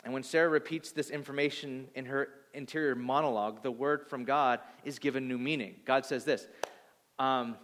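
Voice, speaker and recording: A man in his thirties preaching a sermon, animated, acting out voices and swinging between loud and soft. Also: medium pitch, moderate pace. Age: 30s. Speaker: pastor. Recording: long hall reverb.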